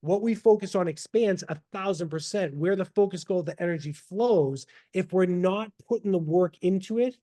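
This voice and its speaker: A man speaking as a podcast guest in casual interview talk, animated and motivational, over a video call. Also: high voice, normal speed, hardly any pauses. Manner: animated, motivational, quotes himself in asides.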